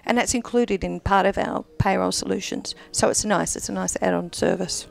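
An Australian woman chatting casually on a talk show, upbeat and talkative as she pitches her business services. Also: normal speed, vocal fry, faint music behind. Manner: chatty, upbeat, self-promoting. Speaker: payroll services guest.

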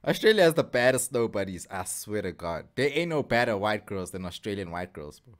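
A man rambling excitedly in casual chat while reacting to a video. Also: fairly low pitch, brisk. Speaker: co-host reacting.

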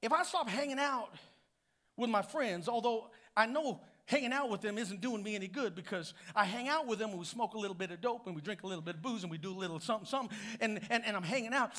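A male pastor preaching a sermon in a call-and-response style, swinging from hushed lines to shouted ones. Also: high-pitched, fast talker.

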